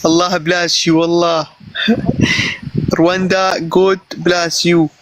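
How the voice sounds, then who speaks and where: A man's voice: high voice, flat delivery, takes it slowly, no room sound, rough recording. A man from Gaza with a Palestinian Arabic accent, pleading for help in broken English, talking over a phone on a live video call. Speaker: guest on a live stream asking for help. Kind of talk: pleading live-stream chat.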